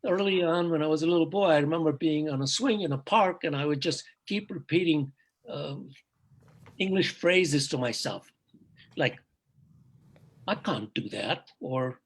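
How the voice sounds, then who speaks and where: Older man, native Urdu speaker, somewhat high and husky voice, rambling storyteller with many restarts. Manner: reflective storytelling, halting restarts. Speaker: guest, father of the hosts. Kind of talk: casual chat.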